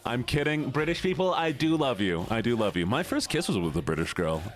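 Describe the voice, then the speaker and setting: A man's voice: mid-range voice, sing-song, a little fast, faint music behind. A man live streaming a game, chatting playfully with his viewers and teasing them. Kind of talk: casual live-stream chat while playing a game.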